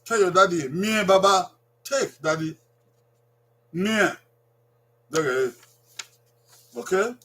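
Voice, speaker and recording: Slow, high-voiced Nigerian man teaching. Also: expressive, sharp tone. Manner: repeats words slowly, drawing them out for learners. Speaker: language teacher. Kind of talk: language lesson.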